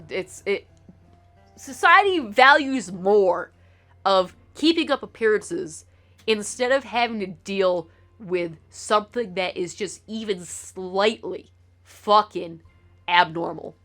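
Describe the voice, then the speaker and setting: A woman's voice: medium pitch, fairly bright tone. A woman hosting a let's play, congested and talking in a rambling, opinionated way, swearing now and then during casual gaming commentary.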